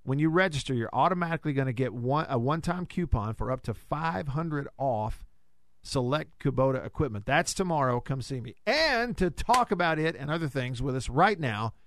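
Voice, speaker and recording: A man's voice: mid-range voice, animated, moderate pace, a bit bright, no echo. A man, hosting sports talk radio in a studio and reading live ads with folksy, joking asides. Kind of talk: casual radio chat with live reads. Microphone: studio microphone.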